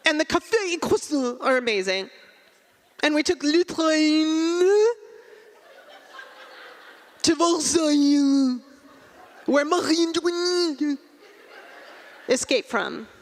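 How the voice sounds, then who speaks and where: A woman's voice: high-pitched, lively intonation, takes it slowly, long pauses, a little hiss or hum, voice pushed up. A woman putting on a pretentious friend who gushes in a fake French accent. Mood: gushing. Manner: gushing, pretentious, showy.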